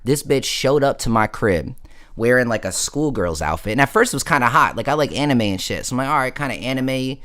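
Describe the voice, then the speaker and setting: A man chatting casually on a late-night stream, spinning a long story in loose, slangy talk. He rambles and doubles back, throwing in fillers and asides as he goes, his pitch sitting in an ordinary middle range. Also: very animated, fairly quick, fairly bright tone. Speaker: livestream host.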